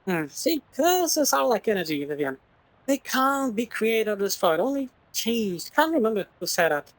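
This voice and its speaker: A woman's voice: fairly high pitch, big pitch swings, normal speed, no room sound, rough recording. A woman voicing a folksy male handyman who tinkers with odd machines, rambling as he talks. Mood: easygoing.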